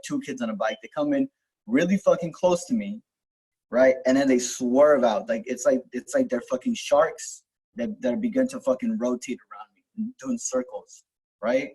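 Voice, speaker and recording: A man's voice: mid-range voice, lively intonation, moderate pace, a little mellow, slightly rough, rough recording. A young man telling a personal story in casual, rambling talk, full of fillers, restarts and swearing, as host of a self-help video.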